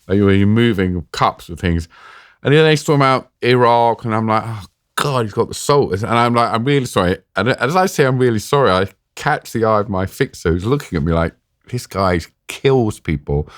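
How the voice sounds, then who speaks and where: A man's voice: on the low side, no echo, studio quality. A man telling a funny anecdote as a podcast guest, acting out the lines of the people in it and laughing as he goes. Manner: animated, laughing through the story. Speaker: guest, documentary journalist. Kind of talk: casual storytelling anecdote. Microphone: podcast studio mic.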